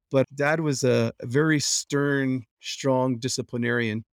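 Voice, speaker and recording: A middle-aged man shares family memories in a voice of ordinary pitch. He tells them with energy and slips into the voices of the people he quotes. The recording is close and dry, with no room sound. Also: dry recording. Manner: animated, quick to act out quoted voices. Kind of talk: personal storytelling.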